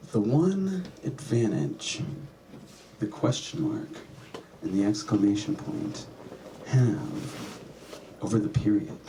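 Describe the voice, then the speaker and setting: A man performing a stand-up comedy set, sardonic and profane, often jumping into high yelps and mock voices. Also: noisy background. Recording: distant mic with noticeable room ambience.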